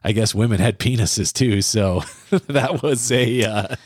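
A middle-aged man from the US Midwest, co-hosting a parenting podcast and telling a self-deprecating childhood story in a casual, animated way. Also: lowish voice, measured pace, breathy edge, dry recording, studio quality.

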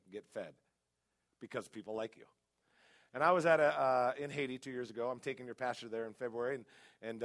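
A middle-aged man, a guest pastor, preaching a sermon in a church with animated, humorous storytelling. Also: mid-range voice. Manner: animated storytelling with humor, rising to loud emphasis. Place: church sanctuary.

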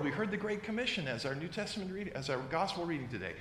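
A man's voice: on the high side, lively intonation, fast, a bit bright, slight background noise. A pastor from the United States preaching a sermon and reading scripture aloud, with playful mock voices for his examples. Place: church sanctuary. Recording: echoey hall, long reverb.

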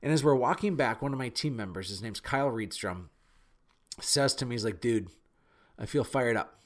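A man from North Dakota with a Midwestern accent, telling a personal story in an animated, earnest, self-deprecating way. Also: mid-range voice, moderate pace. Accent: Midwestern American. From Fargo, North Dakota.

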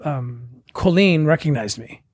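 A man with a slightly high, husky voice tells his story in a loose, conversational way. He acts out the other people's lines as he goes. The sound is close and dry. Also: unhurried, no echo. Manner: animated, acts out quoted voices. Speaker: guest telling his story. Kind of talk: casual storytelling.

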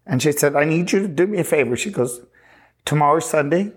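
A pastor from Texas telling his personal testimony in an earnest, halting way, often restarting sentences and retelling conversations. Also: fairly high pitch. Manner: earnest, halting, with frequent restarts and retold dialogue.

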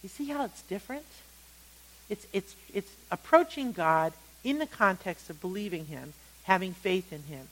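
Woman teaching a lively Bible lesson. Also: mid-range voice, moderate pace, rough recording. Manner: animated storytelling, acting out quotes. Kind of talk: Bible lesson with story retelling.

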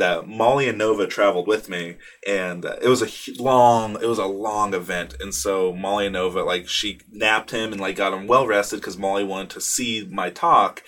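A young man with a lowish voice chats on his own podcast, wandering through his thoughts with plenty of "um"s and restarts. He swears freely and pokes fun at himself. He speaks close to a small booth mic. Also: fairly bright tone. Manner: rambling, profane, self-deprecating, many fillers and restarts. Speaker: podcast host. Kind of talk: casual solo podcast chat. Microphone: studio microphone in a small booth.

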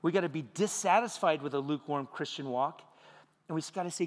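A man preaching a sermon as pastor, animated, acting out little voices and jokes for the congregation. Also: a little high, quick pace, long reverb tail. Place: church sanctuary.

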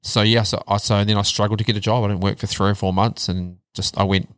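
Kiwi guy in his 30s, lowish voice, talks straight, goes quiet and low on rough bits, dry close sound. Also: flat delivery, fast talker, no echo. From New Zealand. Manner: candid storytelling, swears freely, drops to a low murmur on hard parts. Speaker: guest. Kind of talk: casual chat.

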